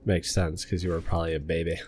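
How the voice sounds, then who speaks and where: A man's voice: low-pitched, little pitch movement, a little mellow, a little hiss or hum. A man co-hosting a let's-play, joking around and guessing at the story as he plays. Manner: jokey, quick to guess and tease. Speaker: gaming channel co-host. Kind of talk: casual let's-play commentary.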